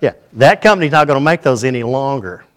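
An older man with a drawl preaching to his church congregation. His talk is folksy and chatty, full of jokes and checks on whether the room is following. His pitch sits in an ordinary middle range. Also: lively intonation. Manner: folksy, joking asides and quick asides to the congregation. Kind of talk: sermon.

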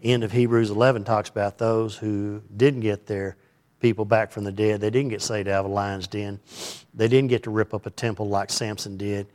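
A man's voice: on the low side, level tone, normal speed, darkish tone. A middle-aged man preaching a conversational sermon in a folksy, rambling way, often putting questions to his listeners.

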